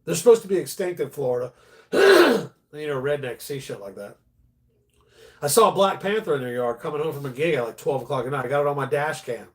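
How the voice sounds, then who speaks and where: A man hosting a live stream, telling stories in a loose, animated way and swearing casually. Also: fairly high pitch, brisk. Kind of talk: casual storytelling chat.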